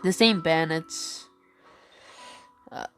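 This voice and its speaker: Woman, improvised fan storytelling, hesitant, many fillers, low voice, slow pace. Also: faint music behind. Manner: hesitant, lots of fillers and self-corrections. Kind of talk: improvised fan-fiction narration.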